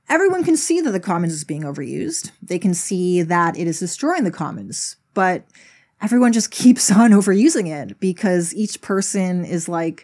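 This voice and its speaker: Woman explaining stuff in a video essay, kinda low voice, dry sense of humor. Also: darkish tone. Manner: wry, conversational storytelling. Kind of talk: scripted explanatory narration.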